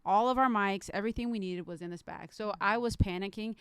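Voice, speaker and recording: A young woman with a drawl tells her story with animated energy and casual swearing. Her voice is exceptionally clear and smooth. The recording is close and dry, made in a hotel room. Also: medium pitch, fast, dry recording. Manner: animated storyteller, cursing freely. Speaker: podcast co-host. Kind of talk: casual chat.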